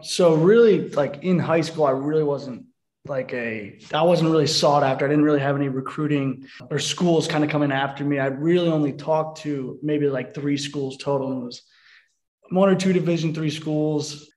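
A young man answers interview questions over a remote line with a fairly high voice. He pauses often and leans on fillers. The mic sits back from him. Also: darkish tone. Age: young adult. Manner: hesitant, filler-heavy. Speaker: podcast guest, former college athlete.

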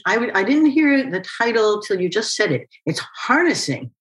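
A woman's voice: medium pitch, sing-song, normal speed, low-quality recording. Woman host asking reflective questions. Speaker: interview host and author. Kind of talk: interview conversation.

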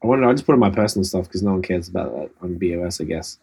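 A man's voice: sits low, lively intonation, very fast, creaky, darkish tone, slightly rough. A man co-hosting a podcast, telling rambling, profane stories in casual chat. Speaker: podcast co-host.

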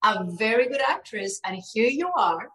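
A woman co-hosting a casual talk show, earnest and emphatic, quick to argue back. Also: fairly high pitch, animated, a bit bright, low-quality recording. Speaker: co-host. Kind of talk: casual chat.

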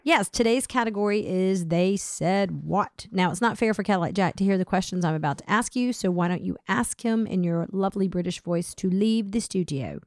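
A woman's voice: mid-range voice, normal speed, hardly any pauses, no room sound. Upbeat woman co-host reading quiz questions, dry close mic. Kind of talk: casual chat.

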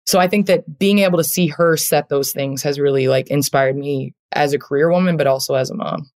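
Basketball player woman on a talk show, earnest, thinks out loud, lots of "like" and "you know". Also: low voice, fairly quick. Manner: earnest and reflective, many fillers. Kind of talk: heartfelt conversational interview.

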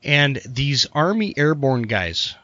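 A middle-aged man hosting a podcast, telling a joke in an animated, stammering way. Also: medium pitch, slow, dry recording. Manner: animated joke-teller, stammers and repeats words. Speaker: podcast host. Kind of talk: casual chat, storytelling. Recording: dull, muffled podcast audio.

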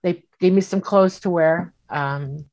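Woman guest, lowish voice, animated storyteller, acts out the voices she quotes. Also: measured pace. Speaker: guest recounting an experience. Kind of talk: casual storytelling.

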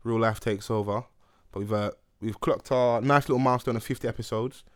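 A man's voice: medium pitch, steady tone, brisk. A young man hosting a casual podcast, laid-back and full of banter, swearing freely. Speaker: podcast host.

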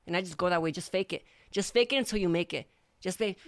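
Fast-talking Mexican woman, joking. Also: fairly low pitch. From Michoacán, Mexico. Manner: animated, joking, tough-talking. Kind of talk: casual podcast chat, switching between English and Spanish.

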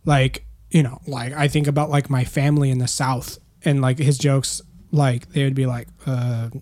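A man's voice: medium pitch, level tone, normal speed, darkish tone. Podcast host, man from the South, talks in loose, filler-heavy rambles with plenty of cursing. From American South. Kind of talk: casual chat.

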